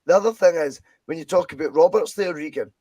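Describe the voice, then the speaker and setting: A Scottish man chatting on a football podcast, animated and full of anecdotes. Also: a little high, quick pace, dry recording. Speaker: podcast co-host. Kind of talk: casual chat.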